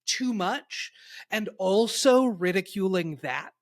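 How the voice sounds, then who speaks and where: A woman's voice: mid-range voice, animated, slow. Analytical young woman podcast guest. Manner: thoughtful and analytical, building arguments with "right?". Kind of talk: casual conversational discussion.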